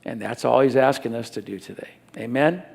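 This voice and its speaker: Gravelly-voiced man preaching in a church hall. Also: mid-range voice, fairly quick. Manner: earnest, repetitive emphasis, drops to soft tones. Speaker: pastor. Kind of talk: sermon. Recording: church hall with long reverb.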